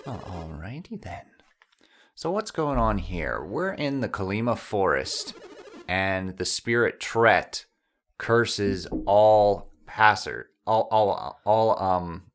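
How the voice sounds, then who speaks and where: A man narrates a video game playthrough with a lively, bouncing delivery, casual and teasing. Faint game music plays underneath. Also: on the low side, slow. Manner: playful, teasing, upbeat. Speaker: host of a game let's play. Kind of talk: casual gameplay commentary.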